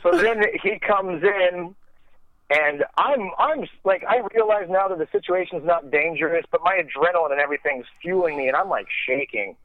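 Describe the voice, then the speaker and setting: A man's voice: high-pitched, big pitch swings, normal speed, no echo. Rambling man telling a story on a tinny line. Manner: rambling, profane, self-deprecating, heavy use of "like". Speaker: podcast guest storyteller. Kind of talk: casual storytelling. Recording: tinny phone-like line, dry.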